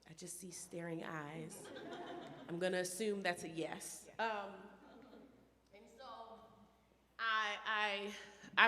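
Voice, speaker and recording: A woman from Baltimore performing spoken word poetry on a theater stage, a little hoarse from a cold, with a rhythmic, emphatic delivery that climbs to loud peaks. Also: medium pitch. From Baltimore, USA. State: hoarse, getting over a cold. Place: theater stage before an audience. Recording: long theater reverb.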